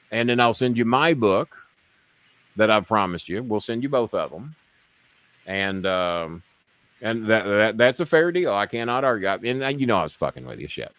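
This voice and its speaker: A man's voice: medium pitch, a bit bright, no echo. A man hosting a casual live stream, rambling, swearing freely and haggling with viewers. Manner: rambling, profane, bargaining with viewers. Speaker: show host.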